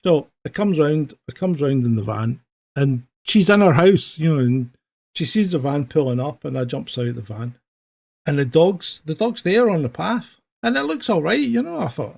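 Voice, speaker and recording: Gravelly Scottish man telling stories. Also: a little high, moderate pace. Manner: animated storyteller, acts out dialogue. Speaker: podcast co-host, former police officer. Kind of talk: casual chat, anecdote telling.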